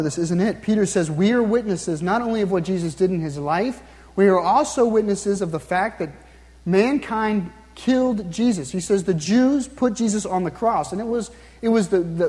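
A man preaching a sermon, earnestly posing questions to his listeners and slowing down to read scripture aloud. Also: sits high, darkish tone. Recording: long reverb, hall-like.

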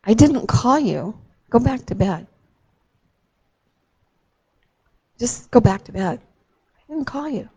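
A woman's voice: on the high side, expressive, normal speed, a little mellow, breathy edge, voice pushed up, rough recording. A woman voicing an old male temple priest who speaks firmly and gives instructions. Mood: dismissive.

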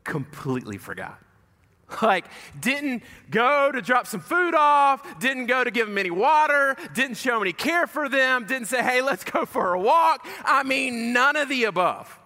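A man's voice: very high voice, a little slow, hardly any pauses. A male pastor preaching a sermon, telling a story animatedly and acting out the voices of its people. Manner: animated, acts out the story's voices, conversational fillers. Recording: long hall reverb.

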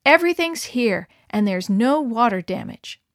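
A woman reading aloud, voicing a steady, capable mother who gives urgent orders. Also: fairly high pitch, normal speed, dry recording, studio quality. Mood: relieved.

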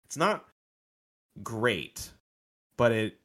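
A man's voice: mid-range voice, slow, a little mellow. A man co-hosting a casual wrestling podcast, rambling with lots of fillers and frequent laughs. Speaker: podcast co-host. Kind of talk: casual wrestling review chat.

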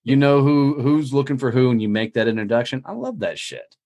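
Profane, energetic man telling stories. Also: mid-range voice, fairly quick. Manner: profane, energetic, animated storytelling with quoted dialogue. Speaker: podcast guest, business owner. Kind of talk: casual interview storytelling.

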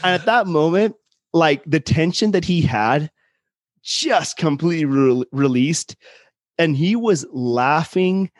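A man on a podcast telling a prank story with lively quoted voices. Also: a little high, takes it slowly, no room sound, clean studio sound. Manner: animated storyteller, acts out quotes. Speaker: guest. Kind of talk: casual storytelling chat.

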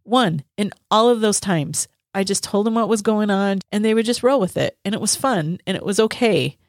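A woman's voice: medium pitch, normal speed, no room sound, clean studio sound. A woman co-hosting a faith podcast, telling a personal story in a casual, laughing way. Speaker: podcast co-host.

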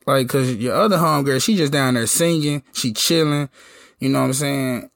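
A hoarse man telling a story in a casual, slangy, laid-back way. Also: on the high side, normal speed, no echo, clean studio sound. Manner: laid-back slangy talk, lots of "you know what I'm saying". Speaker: podcast host telling a story.

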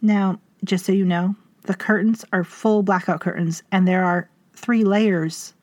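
A woman narrating a story in a measured, formal way with dry wit. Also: mid-range voice, fairly even intonation, darkish tone, dry recording. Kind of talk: scripted fiction narration.

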